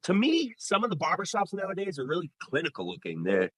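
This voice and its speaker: A man's voice: high-pitched, quick pace, slightly rough, no echo, poor audio. A man who owns a barbershop, talking casually in an interview and acting out conversations with clients as he tells stories. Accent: New England. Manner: animated storyteller, acts out quoted dialogue. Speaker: barbershop owner, guest.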